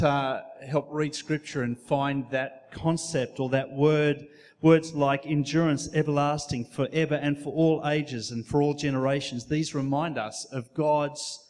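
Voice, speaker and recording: A man preaching a sermon in a church, earnest and measured, with occasional fillers. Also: on the high side, a little mellow. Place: church hall.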